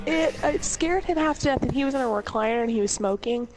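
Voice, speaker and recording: A woman's voice: fairly high pitch, fast talker, very noisy. A woman telling comedic stories in a casual, rambling way, laughing often and swearing freely. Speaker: storyteller host.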